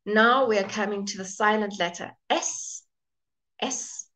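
A woman teaching English pronunciation in a live online class. She says each example word slowly, repeats it, and greets viewers by name as she goes. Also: medium pitch, a bit bright, slight background noise. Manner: models words slowly and repeats them.

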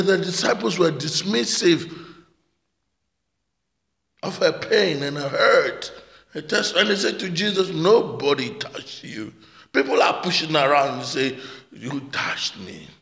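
A man's voice: sits high, creaky, fairly bright tone. A male pastor preaching a passionate sermon, repeating words and calling out amen and hallelujah. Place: church hall. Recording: echoey church hall with long reverb.

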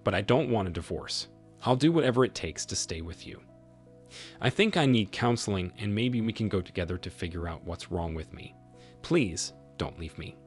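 A man's voice: low-pitched, expressive, normal speed, soft background music. A male narrator voicing a remorseful, tearful wife, her lines delivered in a pleading, choked way.

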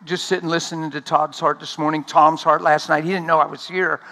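High bright-voiced energetic male preacher. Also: a little fast. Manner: energetic, laughing, pleading. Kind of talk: sermon.

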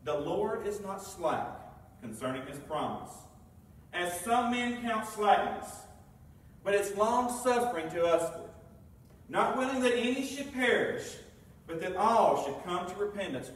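A man's voice: high-pitched, a little hiss or hum. A man preaching a sermon, reading scripture aloud and asking the congregation questions. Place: church sanctuary. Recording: very echoey room, mic far off.

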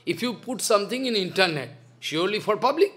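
A man's voice: sits high, animated, quick pace, fairly bright tone. Impassioned older man scolding in a lecture. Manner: impassioned, scolding, repeats rhetorical questions. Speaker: spiritual teacher. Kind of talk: devotional lecture.

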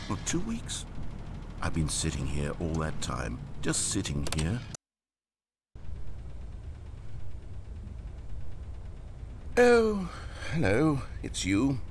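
A man's voice: lowish voice, huge pitch swings, a little slow, background noise. A man voicing a weary, dramatic video game narrator who is trapped with the player and swings between pleading despair and scorn. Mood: relieved.

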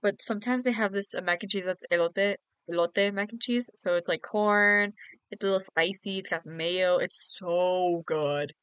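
A woman's voice: mid-range voice, moderate pace, fairly bright tone, clear, resonant tone, no room sound. A young woman chatting casually on a late-night game stream, giggly, teasing and sleepy. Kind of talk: casual live-stream chat.

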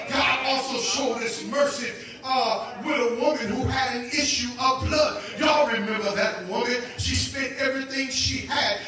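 A high-pitched man preaches in a church, calling out to the congregation and repeating his phrases as he builds to shouting. His voice rings through a very echoey sanctuary from a distance. Organ music plays behind him. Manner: call-and-response preaching, building to shouted climaxes. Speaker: guest pastor. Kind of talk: sermon.

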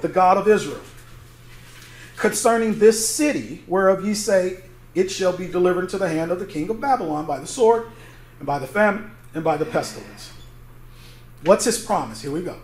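A man's voice: sits high, normal speed. A male pastor teaching a Bible study sermon in a conversational way, asking his congregation to fill in words as he reads scripture aloud. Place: church sanctuary. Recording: echoey church room, faint noise.

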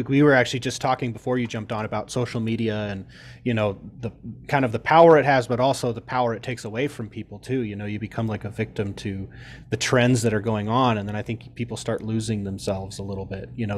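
A man's voice: lowish voice, fairly even intonation, fast, slight background noise. Earnest rambling man host. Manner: rambling, earnest, leans heavily on "you know". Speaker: podcast host. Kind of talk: casual interview chat.

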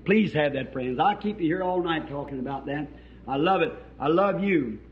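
A Southern American man preaches with fervent emphasis, his voice sitting high. The recording is old tape, dull and lo-fi. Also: expressive, normal speed. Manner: fervent, rising to shouts, then soft prayer. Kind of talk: sermon.

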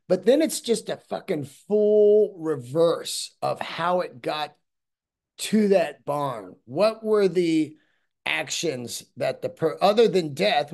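A man's voice: fairly high pitch, lively intonation, slow, creaky, darkish tone. A man hosting a podcast, talking in a rambling, profane casual monologue and acting out the people in his stories. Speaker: podcast host.

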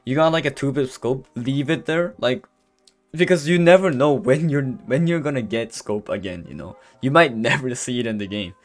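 A man's voice: mid-range voice, moderate pace. A man giving a casual gameplay voice-over, rambling with many fillers and restarts and openly stumbling over his words. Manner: says he is stuttering and can barely speak. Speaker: gameplay commentator. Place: voice-over recorded apart from the footage. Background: faint background music.

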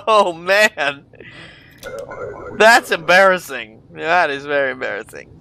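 Man, casual gameplay commentary, reads papers aloud, mutters asides, bright crisp voice. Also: fairly high pitch, expressive, slow pace, long pauses. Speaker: gaming YouTuber. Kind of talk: casual let's-play commentary.

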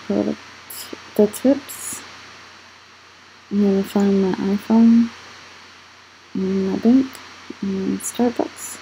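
Young adult woman, channel host; dark, relaxed tone, rambling unhurried walkthrough delivery. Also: mid-range voice, creaky, rough recording. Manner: rambling, questions her own scrolling. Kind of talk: casual screen walkthrough vlog.

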